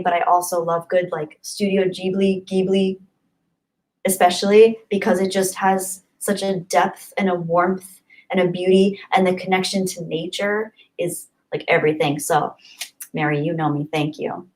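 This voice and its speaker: A woman chatting casually on a live stream from her home webcam setup, reading chat and greeting viewers with bubbly, gushing excitement and little gasps. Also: on the low side, normal speed, low-quality recording. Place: home, apartment.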